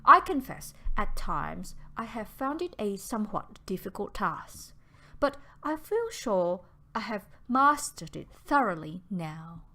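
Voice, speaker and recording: A woman's voice: mid-range voice, sing-song, slow pace, sharp tone, full character voice. A woman reading as a troubled young lady. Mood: earnest. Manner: emotional, earnest. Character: proud, troubled young woman refusing a proposal.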